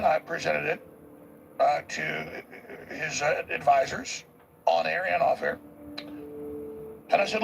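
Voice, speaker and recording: Gravelly high-voiced man ranting emphatically. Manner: emphatic, rambling, repeats words when pushing a point. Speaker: talk show host. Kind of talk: political monologue.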